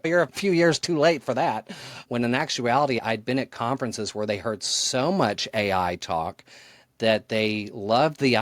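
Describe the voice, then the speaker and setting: A podcast guest who writes about marketing speaks in a fairly low voice on a dry recording. It's a conversational interview, and he explains his ideas in an earnest, thoughtful way.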